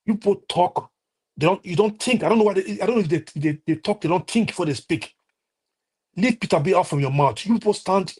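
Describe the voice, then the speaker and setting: Heated Nigerian man, husky voice. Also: fairly high pitch, a little mellow. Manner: heated, scolding, halting with many restarts. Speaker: live stream commentator. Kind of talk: heated political commentary.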